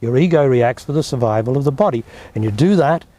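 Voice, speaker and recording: This Australian spiritual teacher has a medium-pitched, dark-toned voice with lively intonation and speaks quickly. Being interviewed, he responds bluntly and emphatically, waving away objections.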